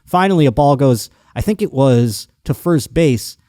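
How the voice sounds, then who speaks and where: A man hosting a podcast, telling a story in a casual, animated and profane comic monologue. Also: mid-range voice, normal speed, no echo, clean studio sound. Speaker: podcast host.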